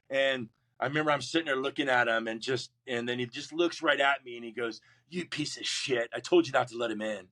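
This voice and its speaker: A middle-aged man, a Marine veteran guest, telling his life story in an interview, acting out the voices of people in it. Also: mid-range voice. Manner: animated, acts out quoted voices, frequent restarts.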